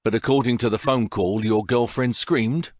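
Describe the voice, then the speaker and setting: Un uomo che fa un poliziotto pratico e diretto. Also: male voice, medium pitch, fairly even intonation, normal speed, a little mellow, no echo, studio quality, close to an everyday voice. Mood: businesslike. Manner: matter-of-fact questioning. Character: police officer, businesslike adult man.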